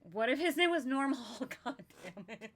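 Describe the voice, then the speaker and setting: A woman's voice: high-pitched, expressive, moderate pace. Giggly rambling woman brainstorming. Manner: giggly, rambling, heavy "like" filler. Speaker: podcast co-host. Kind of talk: casual brainstorming chat.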